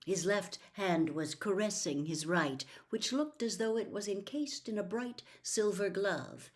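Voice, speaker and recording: A woman reading a novel aloud in a slow, deliberate storytelling manner. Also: mid-range voice. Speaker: narrator. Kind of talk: audiobook reading.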